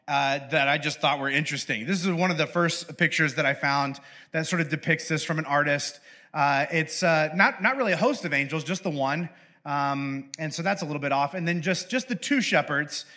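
A man's voice: on the high side, moderate pace, pushed and bright. A young adult man giving a casual, humorous sermon as pastor. He is chatty and playful and often interrupts himself.

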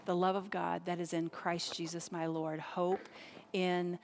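A woman pastor preaching a sermon, emphatic, with repeated phrases and dramatic pauses. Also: on the low side, little pitch movement, vocal fry, in a large hall, slight background noise.

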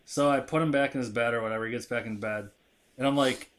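A man's voice: mid-range voice, fairly even intonation, quick pace, fairly bright tone. A man in his thirties, a podcast co-host, telling a rowdy story and acting out the dialogue, swearing freely. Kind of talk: casual storytelling.

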